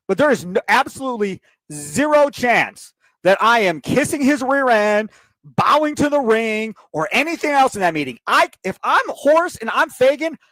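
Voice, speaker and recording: A man's voice: very high-pitched, a bit bright, no echo, poor audio. A man hosting sports talk radio, ranting in heated, emphatic bursts into a studio mic.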